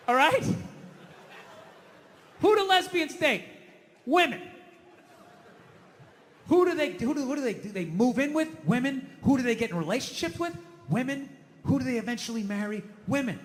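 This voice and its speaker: Middle-aged guy doing standup, high bright ranty voice, big reverby hall, little hiss. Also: very animated, normal speed, long pauses. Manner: loud ranting delivery, big swings from mutters to yells. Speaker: stand-up comedian. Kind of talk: stand-up comedy set. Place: comedy stage in a large venue. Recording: reverberant hall, faint noise.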